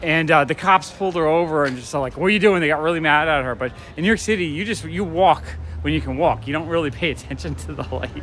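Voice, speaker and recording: A man with a fairly high voice chats casually on a live stream as he walks along a city street at night. His talk is loose and eager, full of fillers and false starts. Faint traffic sounds drift underneath. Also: fast talker, fairly bright tone. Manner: chatty, enthusiastic, many fillers and restarts. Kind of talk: casual rambling chat. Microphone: handheld phone or camera while walking.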